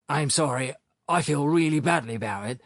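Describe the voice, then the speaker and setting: A humble, deferential porter, polite and apologetic but emphatic when he agrees, as a male narrator plays him. His voice moves lively through its range. Dry, close audiobook sound. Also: a little high, moderate pace, creaky, no room sound, full character voice.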